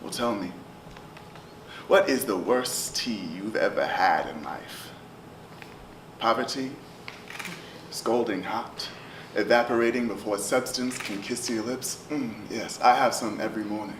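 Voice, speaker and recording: A man performing spoken word poetry, rhythmic and chanting, with swings from loud to hushed. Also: lowish voice, measured pace, pauses often. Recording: roomy, distant live recording with noise.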